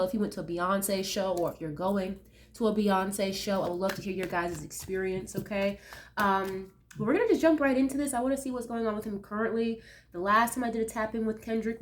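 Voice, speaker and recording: A woman's voice: mid-range voice, a little hiss or hum. A woman reading tarot in a casual chat, talking loosely with many fillers, her voice nasal from allergies. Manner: chatty, loose, full of fillers and asides. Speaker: tarot reader.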